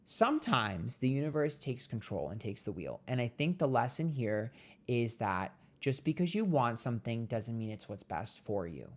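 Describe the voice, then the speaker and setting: A man giving a casual monthly tarot reading, blunt and profane, chatty and playful with sudden jumps in pitch. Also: very animated, normal speed. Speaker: tarot reader.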